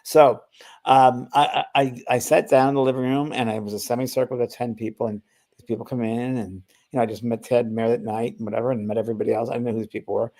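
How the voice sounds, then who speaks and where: A man's voice: medium pitch, steady tone, fast, a little mellow. An older man and spiritual medium, telling a long anecdote in a rambling way, full of restarts and acted-out quotes. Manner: rambling, many restarts and fillers, acts out quoted voices. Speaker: spiritual medium, podcast guest storyteller. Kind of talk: casual anecdotal storytelling.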